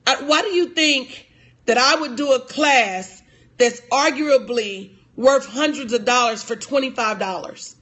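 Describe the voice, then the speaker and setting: Middle-aged woman coach giving a motivational talk, high ringing voice, repeats herself like a preacher, heartfelt. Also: normal speed, fairly bright tone. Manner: emphatic and repetitive, in a preacher-like cadence; heartfelt and confessional. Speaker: motivational speaker and life coach. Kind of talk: motivational speech to an audience.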